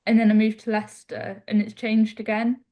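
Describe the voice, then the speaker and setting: A woman's voice: medium pitch, completely flat delivery, a little fast, mellow, highs cut off. A woman from North London, a podcast co-host telling chatty stories in a casual panel discussion. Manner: chatty, anecdotal.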